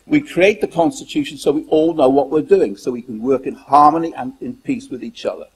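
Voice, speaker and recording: A man's voice: fairly high pitch, brisk, husky, rough recording. A man from the United Kingdom talking in an emphatic monologue, repeating phrases and acting out the dialogue of his story. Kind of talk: monologue telling a personal story.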